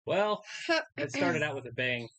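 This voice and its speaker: Woman co-host cracking jokes on a live stream, pitch all over the place. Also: unhurried, a little hiss or hum, low-quality recording. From Idaho, USA. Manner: lively, joking commentary with frequent laughs. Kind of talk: casual live watch-along chat.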